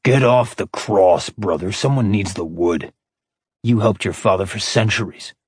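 A man voicing a calm, stoic immortal man who speaks in a dry, flat tone. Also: lowish voice, measured pace, breathy edge, dry recording.

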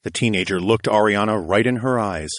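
Male narrator, low voice, steady fantasy read, dry close mic. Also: brisk, no echo. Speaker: audiobook narrator. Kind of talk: first-person fantasy narration.

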